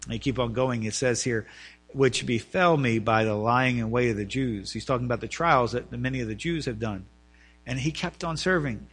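Bright-voiced male pastor preaching. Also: medium pitch, moderate pace. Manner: preaching with rising emphasis and repetition. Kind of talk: sermon.

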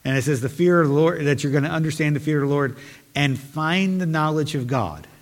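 A man's voice: a little high, fairly quick, long reverb tail. A man preaching a sermon as pastor, talking earnestly and conversationally and reading scripture aloud.

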